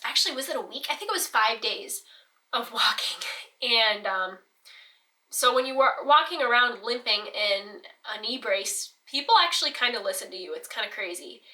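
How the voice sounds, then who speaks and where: Bright-voiced teen girl telling a story. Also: on the high side, far from the mic. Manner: rambling, self-deprecating, laughs often. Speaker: vlogger. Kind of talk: casual storytelling.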